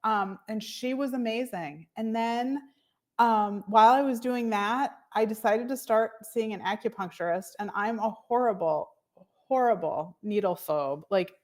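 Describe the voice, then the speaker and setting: Chatty fertility coach, a woman with a higher voice. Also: a little slow. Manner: chatty storyteller, animated quoting of others. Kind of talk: casual interview conversation.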